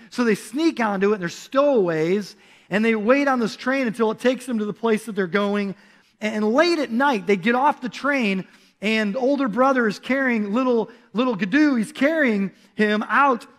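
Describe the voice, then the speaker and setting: A young adult man preaching a sermon in a church, retelling a story with lively acted-out quotes and sudden shouted calls. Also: extremely high pitch. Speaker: pastor.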